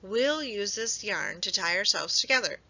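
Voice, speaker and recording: A woman reading aloud gives voice to a brave little hedgehog from a storybook, kind and eager. His lines jump up high in quick, breathless exclamations. The sound is bright but dull and lo-fi. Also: animated, vocal fry, exaggerated voice. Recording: dull lo-fi recording.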